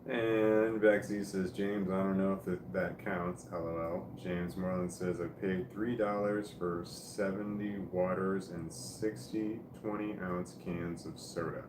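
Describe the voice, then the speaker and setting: Casting note: a slow, sleepy Midwestern man, low voice, in an echoey room, livestream chat host. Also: steady tone, noisy background. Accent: American Midwestern. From American Midwest. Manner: slow, mumbling and drowsy, breaking into laughter. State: high and tired.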